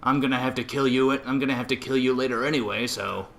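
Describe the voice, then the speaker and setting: A let's play gamer with a Boston accent offers laid-back, self-mocking commentary while playing a video game. He talks fast in a mid-range, gravelly, slightly bright voice with fairly even intonation.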